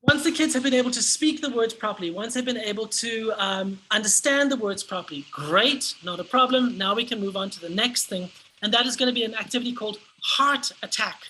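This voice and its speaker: Bright-voiced woman teacher trainer. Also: fairly high pitch, brisk, a little hiss or hum, low-quality recording. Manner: energetic, acts out classroom prompts.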